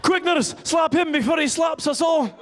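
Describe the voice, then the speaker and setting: Loud hearty Scottish doctor, pitched way up, done by a stand-up comic. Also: male voice, moderate pace, a little hiss or hum. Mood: boisterous. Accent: put-on Scottish. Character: boisterous Scottish male delivery-room doctor.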